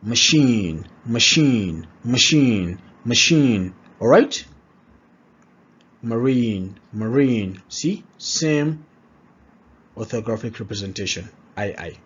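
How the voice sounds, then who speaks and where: Slow, husky man teaching pronunciation. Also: mid-range voice, darkish tone. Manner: repeats words slowly, checks in with "all right?". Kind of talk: slow, drilled pronunciation lesson. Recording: dull lo-fi recording.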